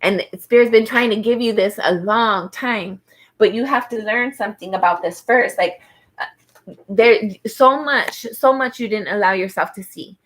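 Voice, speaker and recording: A woman's voice: medium pitch, moderate pace, a bit bright. A woman giving a live-streamed tarot reading in a chatty, heartfelt way, often saying "like" and speaking to viewers by name and star sign. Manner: chatty, heartfelt, fills speech with "like". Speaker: tarot reader.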